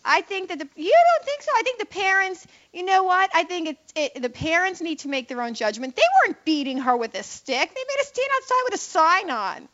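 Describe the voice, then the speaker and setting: A woman hosting a talk radio show, brash and opinionated, firing off quick asides to her co-host and listeners. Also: extremely high pitch, sing-song, fairly bright tone. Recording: dull lo-fi radio broadcast.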